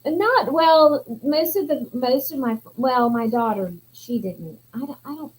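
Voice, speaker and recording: A woman co-hosting a casual chat show, chatty and quick to chime in with short agreement. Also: high-pitched, lively intonation, slightly rough, low-quality recording. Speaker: podcast co-host.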